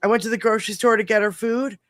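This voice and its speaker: A middle-aged woman hosting a podcast, telling a long story in a casual, animated way, swearing freely and rambling. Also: fairly high pitch, fast, no echo, studio quality. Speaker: podcast host.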